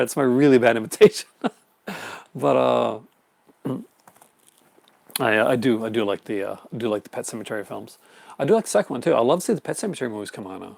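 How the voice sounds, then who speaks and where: This man's mid-range voice has vocal fry and a darkish tone, recorded dry. On a casual live stream he answers viewer chat comments and rambles with enthusiasm about the horror films he collects, stopping and restarting with plenty of fillers.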